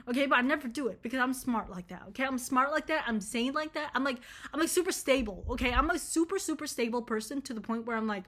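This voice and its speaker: A woman's voice: high voice, expressive, fast, a bit bright. A young woman vlogger talking in a rambling, blunt, profane confessional monologue, full of "like" and "okay?".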